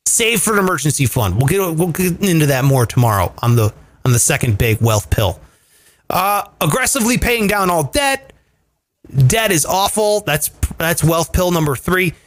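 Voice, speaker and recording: A man's voice: on the high side, sing-song, normal speed. A man hosting a casual chat show, explaining money tips with emphatic, profane energy. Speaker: podcast host.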